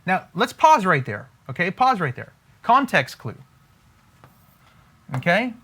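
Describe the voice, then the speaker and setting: A man's voice: high-pitched, sing-song, takes it slowly, pushed and bright, husky. A man teaching scripture and money in an emphatic preaching style, repeating himself for emphasis and acting out imagined believers. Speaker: faith-based money teacher.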